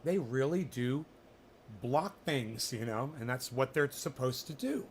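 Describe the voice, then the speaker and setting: A man's voice: mid-range voice, animated, unhurried, a little hiss or hum. A man hosting a livestream, talking in a rambling, profane, sarcastic rant. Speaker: livestream host. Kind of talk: casual ranting livestream chat.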